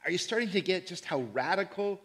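A man preaching a sermon in church, animated and emphatic, repeating key phrases and acting out imagined listeners. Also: sits high, fast. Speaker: pastor.

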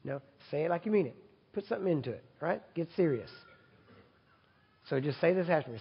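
A man's voice: a little high, animated, fairly quick, gravelly, long pauses. A man preaching at a healing service, chatting with the congregation and checking for their agreement as he explains what to do. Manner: leads congregation in repeat-after-me prayer, loud and emphatic; conversational, asks audience for agreement. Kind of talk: sermon. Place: large hall with congregation. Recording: dull recording with long hall reverb.

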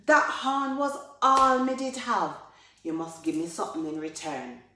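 A woman voicing a cunning male spider trickster, shrill and haggling. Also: lively intonation, normal speed, close to an everyday voice. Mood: indignant. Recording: very echoey room.

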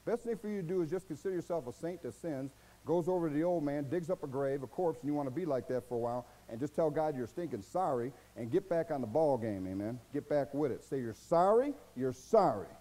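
A man's voice: on the high side, quick pace, mellow, rough recording. A man with an American accent preaching a sermon as pastor, folksy and exhorting, asking rhetorical questions and mimicking his listeners' excuses.

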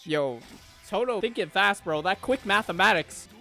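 A man reacting to an anime episode with excitable, profane slang, swinging between shouted outbursts and low mutters. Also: normal speed, gravelly. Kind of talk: live anime reaction commentary. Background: faint anime soundtrack music.

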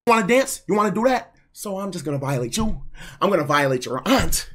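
A man's voice: high voice, big pitch swings, brisk, fairly bright tone. A young man streaming, ranting in casual, profane, heated slang. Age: young adult.

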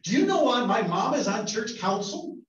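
A man putting on a pompous male church elder, raised high and huffy as he fires off self-important questions. The voice sounds distant and dull, with a roomy echo around it. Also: big pitch swings, normal speed. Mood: indignant.

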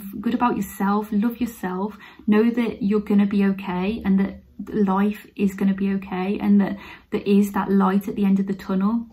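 A woman's voice: medium pitch, dark tone, rough recording. A woman, a nurse, speaking earnestly and openly to camera about her own struggles, sometimes close to tears. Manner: earnest, open, turns emotional and teary at times. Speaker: nurse vlogger. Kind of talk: heartfelt personal talk to camera.

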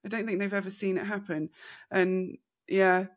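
A woman's voice: mid-range voice, moderate pace. British woman telling a personal story. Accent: British English. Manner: animated, laughs through hard memories. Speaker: podcast co-host.

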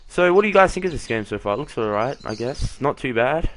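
A man's voice: medium pitch, expressive, quick pace, slight background noise. A young man giving casual, sweary commentary while playing a horror game. He reads the game's dialogue aloud and makes sarcastic jabs at the characters. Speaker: let's play gamer.

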